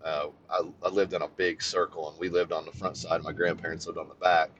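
Deep-voiced guy telling a story on a podcast, gets loud and excited, slight hiss behind. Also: a little fast, lo-fi sound. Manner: animated, swears freely, voice jumps high when excited. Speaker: podcast co-host. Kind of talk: casual storytelling chat.

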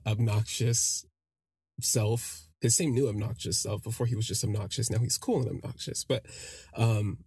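Man, podcast host, casual storytelling, husky voice, dry close sound, animated quoted voices. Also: no echo. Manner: animated, acts out quoted voices with big pitch jumps.

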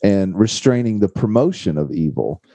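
A man co-hosting a podcast, speaking earnestly with halting restarts. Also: lowish voice, big pitch swings, dark tone, no echo. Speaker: podcast co-host. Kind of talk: casual podcast discussion.

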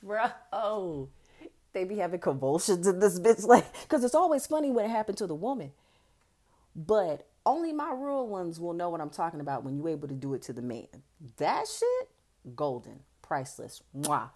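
A woman's voice: on the low side, very animated, moderate pace, dark tone. A young woman hosting a podcast, telling stories in a candid, casual way, blunt, profane and boastful. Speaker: podcast host.

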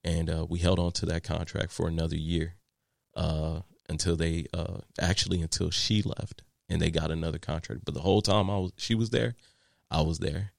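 A man's voice: sits low, little pitch movement, moderate pace, creaky, no room sound, clean studio sound. A man, a landscaping business owner, telling a story in a casual interview, with many fillers and repeated words. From Texas.

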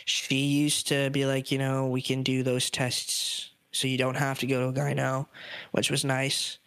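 A man's voice: medium pitch, completely flat delivery, measured pace, a bit bright, smooth, dry recording. A young trans man hosting a casual podcast chat, frank and profane, laughing often. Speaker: podcast host.

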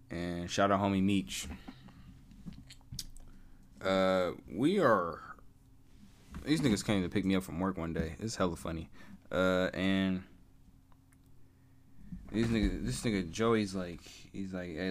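A young podcast host with a low-sitting voice chats alone in a laid-back, slang-heavy way, telling stories and laughing often. There is a little hiss or hum in the audio.

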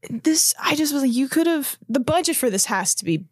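A woman co-hosting a casual podcast, relaxed and chatty, explaining as she goes. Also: high-pitched, fairly quick, husky, no room sound, clean studio sound. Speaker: podcast co-host. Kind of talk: casual chat.

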